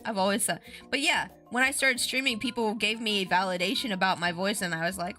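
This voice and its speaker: A woman's voice: a little high, normal speed, pushed and bright, soft background music. A woman streamer chatting casually, rambling with lots of fillers and giggles. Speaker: VTuber streamer.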